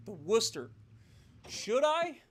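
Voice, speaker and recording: A man streaming live gameplay, commenting casually and breaking into loud, profane rants. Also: very high-pitched, big pitch swings, takes it slowly, a little hiss or hum. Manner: profane, swings into loud ranting. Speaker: gaming livestreamer.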